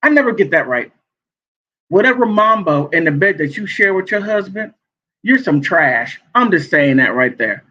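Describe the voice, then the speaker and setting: A man giving sassy, animated gossip commentary as a vlogger, laughing often. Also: high voice, normal speed. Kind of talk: casual commentary. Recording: dull lo-fi sound.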